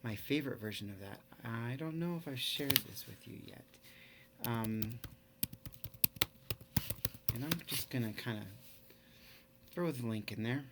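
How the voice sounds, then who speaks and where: A man teaching a recorded online lesson in a casual, halting way, full of fillers. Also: mid-range voice, creaky, noisy background. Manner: relaxed, casual.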